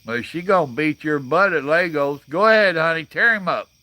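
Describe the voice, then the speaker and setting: A man's voice: on the high side, moderate pace, pushed and bright. Blunt folksy man in his sixties. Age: 60s. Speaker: livestream host. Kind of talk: casual live chat reading comments.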